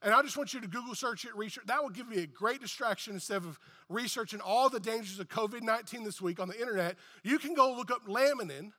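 Pastor, man, high and bright, emphatic sermon delivery, long church-hall echo. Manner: emphatic, repetitive preaching with rising and falling intensity.

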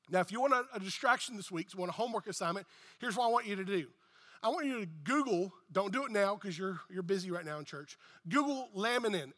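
Pastor, man, high and bright, emphatic sermon delivery, long church-hall echo. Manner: emphatic, repetitive preaching with rising and falling intensity.

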